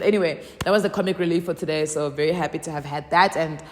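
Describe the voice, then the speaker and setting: A South African woman talking to camera as a content creator, telling stories with lively swings and acting out both sides of phone calls. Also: low voice, quick pace, in a large hall, slight background noise. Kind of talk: casual vlog talk.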